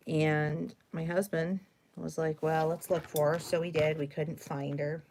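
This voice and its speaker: A woman's voice: deep voice, little pitch movement, slow pace, darkish tone. A middle-aged woman, host of a craft stream, telling a long story in a rambling, chatty way with fillers and self-corrections. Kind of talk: casual storytelling during a live stream.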